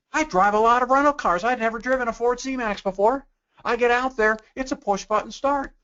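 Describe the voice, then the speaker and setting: A man with a high voice teaches a sales webinar. He talks conversationally, leans on rhetorical questions and slips into quoted customer voices. The audio is dull and lo-fi. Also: moderate pace, a bit bright. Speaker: sales trainer. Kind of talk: webinar sales training talk.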